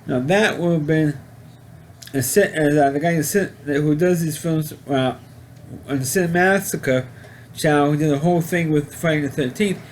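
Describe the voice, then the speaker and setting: A man giving a casual spoken movie review, rambling and halting with frequent restarts. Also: fairly high pitch, slight background noise. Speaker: film reviewer.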